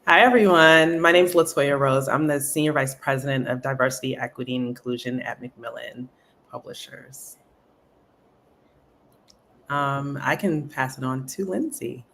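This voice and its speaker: Bright-voiced woman giving a quick intro. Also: rumbling low, slight background noise. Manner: short and to the point. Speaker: panelist. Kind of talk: brief self-introduction. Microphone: video call.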